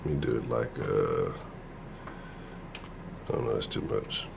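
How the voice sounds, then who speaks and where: A man hosting a live sports talk stream, ranting in an animated, profane, casual way. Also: extremely low pitch, unhurried, vocal fry, background noise. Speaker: sports talk show host.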